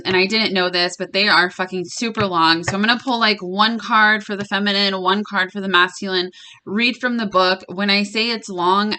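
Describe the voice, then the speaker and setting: Young woman doing a tarot vlog, bright voice, swears a lot, laughs easy. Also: medium pitch, a little hiss or hum. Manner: chatty and blunt, swears freely, laughs often. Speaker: tarot reader and vlogger. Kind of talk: casual tarot reading vlog.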